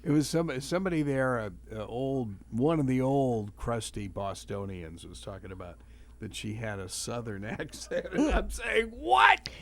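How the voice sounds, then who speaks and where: A man hosting a radio talk show, chatting casually and laughing often. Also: medium pitch. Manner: animated, laughs often, slow and drawn out.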